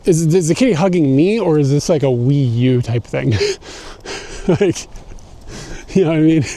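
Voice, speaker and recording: A man's voice: a little high, moderate pace, mellow. A young man livestreaming as he walks through a snowy park outdoors, a bit out of breath, swearing and laughing as he rants casually to his chat. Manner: profane, laughing, ranting. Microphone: phone carried while walking. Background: faint outdoor ambience.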